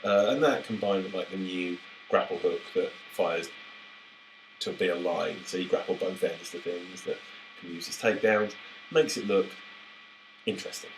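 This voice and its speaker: Very low male co-host, loose and jokey, trails off and restarts, casual podcast chat. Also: steady tone, normal speed, a little hiss or hum, rough recording. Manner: rambling, self-interrupting, jokey.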